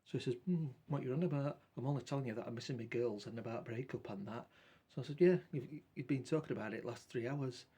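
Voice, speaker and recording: A man tells a meandering story to the camera in a loose, chatty way. He keeps quoting the exchanges word for word with "I says" and "he says". His voice sits at an ordinary middle pitch. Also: fast talker, dark tone, husky. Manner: rambling, colloquial, repeats quoted dialogue with "I says". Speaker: vlogger. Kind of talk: casual storytelling monologue.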